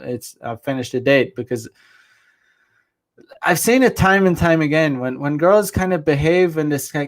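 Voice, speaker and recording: Blunt, rambling man hosting a live chat. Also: a little high. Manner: rambling and blunt, with frequent restarts and crude slang. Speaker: host. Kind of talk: casual livestream chat, reading viewer comments.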